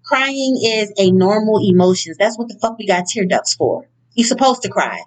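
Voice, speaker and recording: A woman giving a casual motivational talk from notes, blunt and profane, with animated, emphatic outbursts. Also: medium pitch, moderate pace, poor audio. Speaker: speaker on inner-child healing.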